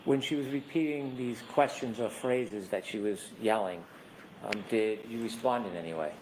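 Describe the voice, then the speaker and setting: A man acting as prosecutor in a courtroom, asking measured, methodical questions. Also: on the low side, a little mellow, a little hiss or hum, poor audio.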